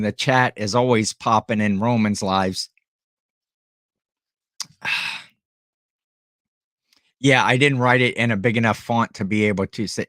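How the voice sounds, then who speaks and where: A man's voice: medium pitch, fairly bright tone, no echo, studio quality. A middle-aged man from Ohio hosting a casual live stream at home, rambling and greeting viewers by name.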